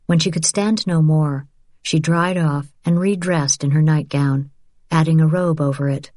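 A woman reading an audiobook in measured, even scripted narration. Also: sits low, no room sound, clean studio sound.

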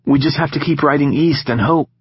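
A guarded teenage boy with a quiet, wry way of speaking, as a man puts him on. The voice sits a touch husky, in a dry and somewhat dull recording. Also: on the high side, a little fast, dry recording, voice pushed up.

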